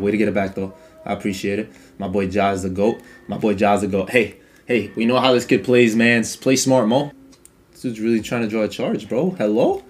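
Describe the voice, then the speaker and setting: A man giving casual live commentary on his own game, speaking in slang and talking to his opponent. He drops into low mutters, then jumps into loud, high yelling. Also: a little fast, soft background music. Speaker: gaming streamer.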